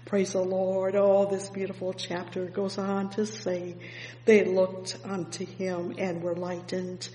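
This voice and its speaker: A preacher delivering a fervent sermon, repeating "oh, yes" and "praise the Lord" and swinging between loud and hushed. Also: mid-range voice. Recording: echoey hall with faint hum.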